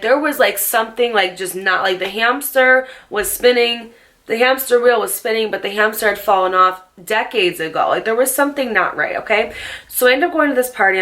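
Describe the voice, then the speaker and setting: A woman in her late twenties telling a storytime vlog to camera, animated and sassy, swearing freely. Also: mid-range voice. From New Jersey. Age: late 20s. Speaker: storytime vlogger.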